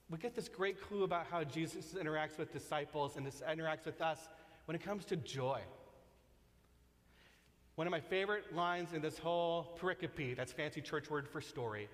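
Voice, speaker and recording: A man preaching a sermon in a church sanctuary, his voice sitting a little high for a man. He talks conversationally, pushing up for emphasis and then dropping soft and slow. His voice rings out in a long hall reverb. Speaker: pastor.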